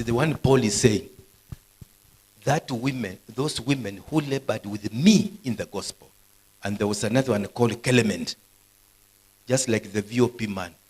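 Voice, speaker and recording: Husky-voiced preacher, animated. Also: male voice, lowish voice, rough recording. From Kenya. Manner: animated preaching, acts out stammers, swings loud and soft. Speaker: pastor. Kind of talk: sermon. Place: university hall, live service.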